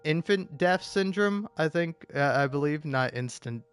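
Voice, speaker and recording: A man's voice: on the high side, measured pace, faint music behind. A man live streaming a game, rambling casually with lots of fillers, stammers and swearing. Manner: meandering, profane, stammering with many fillers.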